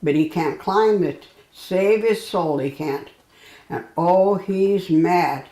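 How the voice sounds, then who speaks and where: A woman reading a folksy children's bedtime story aloud, pausing and correcting herself as she goes. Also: lowish voice, warm tone, roomy sound, poor audio. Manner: halting, self-correcting storytelling.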